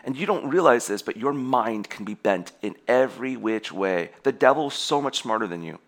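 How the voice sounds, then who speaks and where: A young adult man preaching a sermon to his congregation in an animated way, laughing often and restarting his sentences. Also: mid-range voice, moderate pace. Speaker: pastor.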